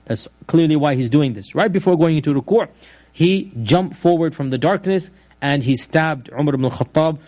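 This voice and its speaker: Guy giving an islamic history lecture, talky storytelling, restarts himself a lot, mid pitch. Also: darkish tone. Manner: conversational storytelling, frequent restarts and asides.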